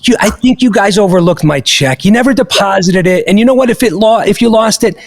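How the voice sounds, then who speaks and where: A man hosting a podcast, telling a story in an animated, emphatic way and swearing freely. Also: sits high, brisk. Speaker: podcast host.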